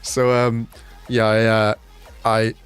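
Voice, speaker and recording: A man's voice: slow pace, smooth. Chatty man streaming. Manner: chatty and animated, swears, jumps up in pitch for quoted lines. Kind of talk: casual livestream chat with chat.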